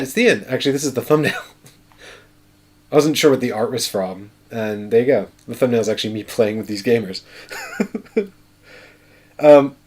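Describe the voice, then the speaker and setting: A man's voice: medium pitch, a little mellow. A man hosting a casual solo board game playthrough, chatty and thinking aloud as he counts out moves. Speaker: board game player and show host.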